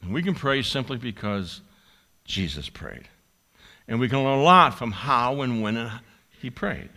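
A man's voice: medium pitch, animated, normal speed, bright, forceful tone. A male pastor preaching a sermon, acting out a pleading prayer with drama and repeating his key lines for emphasis.

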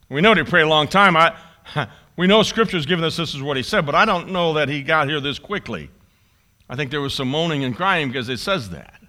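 A male pastor delivers a sermon in a bright, forceful voice that sits a little high. His pitch swings widely as he dramatizes pleading prayers. He repeats key lines for emphasis. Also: expressive, a little fast.

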